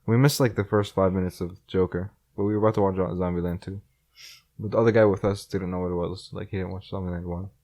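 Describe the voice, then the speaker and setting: Low-voiced young man, rushing through a story. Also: fairly even intonation, dark tone. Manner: rambling storytelling, hedges with fillers. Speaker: podcast co-host. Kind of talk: casual chat among friends.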